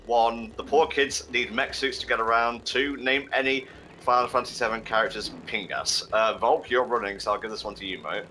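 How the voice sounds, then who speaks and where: A man's voice: mid-range voice, steady tone, a little fast, pushed and bright, slight background noise. A man on a charity game stream, reading out donations and chatting casually, swearing now and then. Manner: swears freely, reads out donations, laughs often. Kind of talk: casual live-stream chat.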